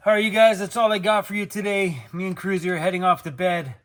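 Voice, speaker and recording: A chatty, upbeat young man from Canada talks casually to his camera, laughing easily as he goes. His voice sits a little on the high side for a man. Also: fairly even intonation, quick pace, few pauses, a bit bright. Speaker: van life vlogger. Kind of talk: casual vlog talk to camera.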